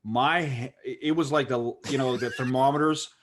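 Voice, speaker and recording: Speaking at a moderate pace in a mid-range voice, a Pittsburgh-accented man co-hosts a podcast. He rambles animatedly through a long story in casual conversation, leaning heavily on "like."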